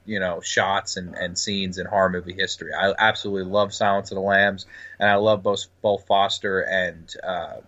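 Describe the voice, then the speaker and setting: A man's voice: sits low, flat delivery, moderate pace, pushed and bright, muffled recording. A man co-hosting a casual podcast about movies, eagerly acting out favorite lines. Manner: enthusiastic, acts out movie lines. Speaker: podcast co-host.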